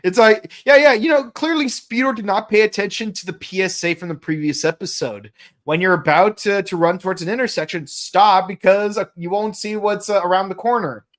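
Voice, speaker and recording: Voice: medium pitch, a little fast. Rambling co-host of a fan review show. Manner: rambling, full of restarts and sung quotes. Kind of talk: casual fan review chat.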